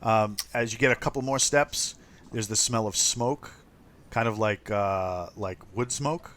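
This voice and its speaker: A man's voice: fairly low pitch, a little slow. A man narrating as game master for a tabletop game, talking loosely with many ums and uhs. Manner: relaxed, full of ums and uhs.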